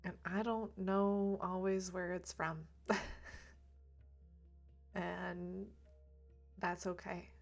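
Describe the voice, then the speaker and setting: A woman speaking gently and reflectively on a livestream about emotions, laughing lightly now and then. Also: lowish voice, flat delivery, very slow, gravelly, long pauses, soft background music. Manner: soft, reflective, laughs lightly, drops to near whisper at times. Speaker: reiki streamer. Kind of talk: gentle spiritual talk on a livestream.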